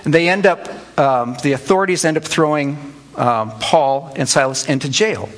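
A middle-aged man leads a relaxed church Bible lesson in a slightly raised voice. He talks conversationally and breaks off to call on people in the room by name. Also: a little high, normal speed. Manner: conversational, addresses listeners by name, animated asides. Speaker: pastor teaching a church group. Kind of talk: informal Bible teaching.

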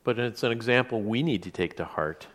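A man's voice: mid-range voice, brisk, a bit bright. Conversational man preaching. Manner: conversational, with some restarts and asides. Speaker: pastor. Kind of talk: sermon.

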